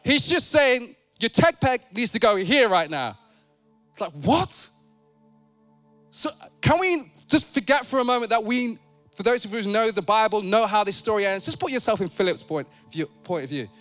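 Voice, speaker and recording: Lively high-voiced preacher. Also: male voice, normal speed, soft background music. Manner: animated, playful, conversational preaching. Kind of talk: sermon. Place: church sanctuary.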